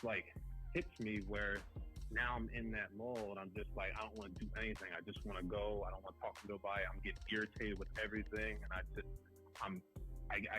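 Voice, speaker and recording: A young man speaking as a podcast guest, earnest and halting, with many fillers and restarts. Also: fairly low pitch, sharp tone, low-quality recording. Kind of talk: conversational interview.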